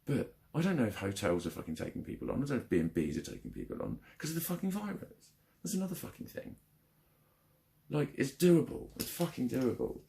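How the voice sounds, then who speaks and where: Retelling an infuriating phone call, a young man vents in a ranting vlog, frustrated and swearing heavily. He speaks fairly quickly in a sing-song, medium-pitched voice that is gravelly and dark.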